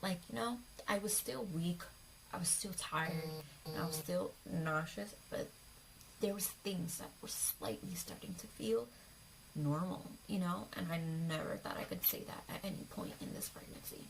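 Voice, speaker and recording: Chatty young woman with a gravelly fry. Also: on the low side, animated, moderate pace, slight background noise, poor audio. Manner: chatty, rambling, with fillers and acted quotes. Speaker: vlogger. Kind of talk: casual storytelling to camera.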